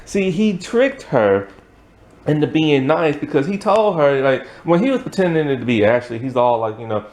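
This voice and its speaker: A man's voice: a little high, expressive, moderate pace, a little mellow. A man casually recapping a film's plot as a reviewer, rambling with lots of "like" and "um" and frequent chuckles. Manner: rambling, full of "like" and "um", chuckles often. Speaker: film reviewer.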